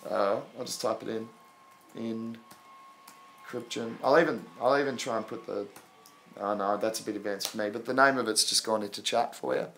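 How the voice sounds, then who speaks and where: A man's voice: on the low side, steady tone, moderate pace, vocal fry, fairly bright tone, a little hiss or hum. Australian man chatting on a livestream. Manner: chatty, addresses viewers as bro and man. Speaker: crypto livestream host. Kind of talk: casual live-stream chat.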